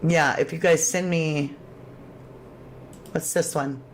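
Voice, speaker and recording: A woman's voice: low-pitched, steady tone, takes it slowly, slight background noise. A woman hosting a true crime livestream, reading chat aloud and reacting with sudden exclamations. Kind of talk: casual livestream commentary.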